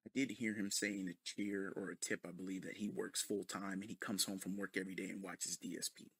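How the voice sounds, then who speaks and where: A man's voice: low-pitched, level tone, brisk, a bit bright, slightly rough, dry recording. A man ranting in a sarcastic, mocking commentary full of profanity. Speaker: commentary video host.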